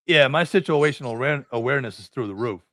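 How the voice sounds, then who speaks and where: A middle-aged man from New England hosts a casual podcast, swearing freely as he rambles through anecdotes and plays out both sides of the conversation. His voice sits at a medium pitch and is recorded dry, with no room sound. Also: animated, fast, a bit bright, dry recording. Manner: profane, rambling anecdotes with acted-out dialogue. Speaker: podcast host. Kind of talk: casual storytelling chat.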